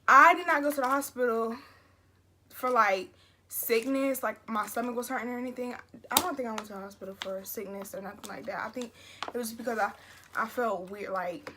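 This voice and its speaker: A young woman talks straight to camera in a casual storytime vlog. She rambles and restarts her sentences, piling up fillers as she relives an emotional story. Her voice sits a little on the high side. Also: sharp tone, slight background noise. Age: young adult. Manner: chatty, emotional retelling with many fillers and restarts. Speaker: vlogger.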